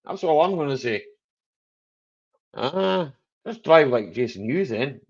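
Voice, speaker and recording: A man's voice: mid-range voice, lively intonation, a little slow, vocal fry, highs cut off. A man hosting a casual live chat stream, jokey and rambling, chuckling often.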